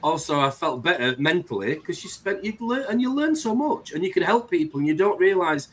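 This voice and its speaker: A man's voice: high voice, sing-song, fairly quick, a little hiss or hum. A man hosting a live-stream chat, talking in an earnest, rambling way. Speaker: host.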